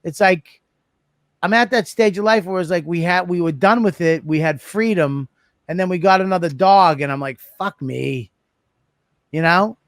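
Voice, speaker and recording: A man's voice: sits high, moderate pace, no echo, clean studio sound. A man hosting a casual chat, blunt and profane, laughing in disbelief. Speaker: podcast host.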